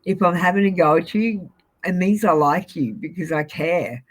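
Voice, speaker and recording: A woman's voice: fairly low pitch, moderate pace, low-quality recording. A woman, giving live-stream tarot readings in an abrupt, sweary manner and often apologizing. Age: 40s. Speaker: tarot reader.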